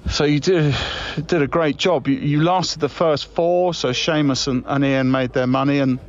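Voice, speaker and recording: A man's voice: on the high side, fairly even intonation, normal speed, dull audio. A man leaving chummy, breezy comic voice messages, rambling with fillers and restarts. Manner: chummy and breezy, saying mate a lot. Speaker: comedy podcast co-host. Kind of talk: improvised comic voice-message monologue.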